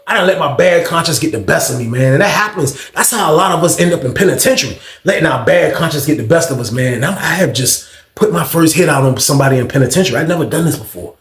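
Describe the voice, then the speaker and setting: A man telling a story casually, with an animated delivery that swings from loud bursts to hushed, low tones. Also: fast. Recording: roomy echo.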